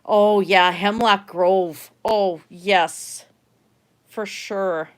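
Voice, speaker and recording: A woman's voice: medium pitch, steady tone, extremely slow, clear, resonant tone. A middle-aged woman with a Minnesotan accent, chatting casually on a livestream and rambling with many fillers and restarts. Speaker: livestream host. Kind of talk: casual livestream chat while painting.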